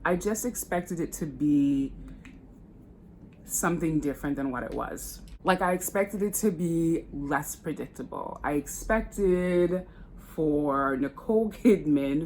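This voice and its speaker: A woman's voice: low voice, slight background noise. An American woman chatting candidly while getting ready on camera, swearing casually. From United States. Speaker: beauty vlogger. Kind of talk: casual get-ready-with-me chat.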